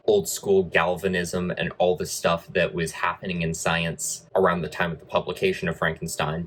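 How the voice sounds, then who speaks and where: A man's voice: low voice, a bit bright, poor audio. A man giving a casual film review with wry, sarcastic asides.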